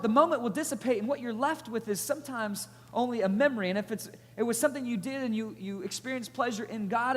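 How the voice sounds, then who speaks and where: A man in his thirties delivers a sermon with energetic, animated storytelling. His voice sits fairly high for a man. It rings with the long reverb of a large hall. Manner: animated storytelling, energetic, rising loud at climaxes. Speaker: pastor. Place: church auditorium.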